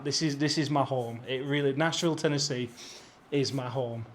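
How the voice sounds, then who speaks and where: A man's voice: medium pitch, fairly even intonation, normal speed, hardly any pauses, slight background noise. Gushing British man vlogging on his travels. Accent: British English. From Britain. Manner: gushing, effusive, chatty. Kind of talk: casual vlog to camera. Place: rented apartment and balcony, partly outdoors.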